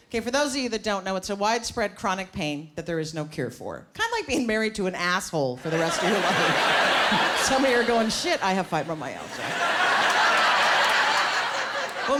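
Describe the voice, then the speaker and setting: A woman's voice: fairly high pitch, background noise. A woman from Canada doing a brash, self-mocking stand-up set on a club stage. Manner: brash, self-mocking punchlines with pauses for laughs. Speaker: stand-up comedian. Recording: live club recording with loud crowd. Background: laughing audience.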